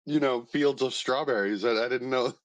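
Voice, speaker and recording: A man's voice: medium pitch, normal speed, dry recording. An American man chatting casually with crude, sarcastic jokes. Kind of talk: casual chat.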